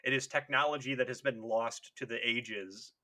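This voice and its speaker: A man's voice: medium pitch, steady tone, moderate pace, sharp tone. A man co-hosting a casual podcast chat, laughing often and swearing as he tells stories. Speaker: podcast co-host.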